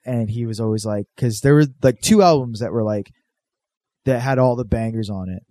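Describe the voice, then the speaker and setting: A man in his thirties co-hosting a podcast, talking in crude, animated banter and slipping into mocking voices when he retells what people said. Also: medium pitch, normal speed, no room sound. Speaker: podcast co-host.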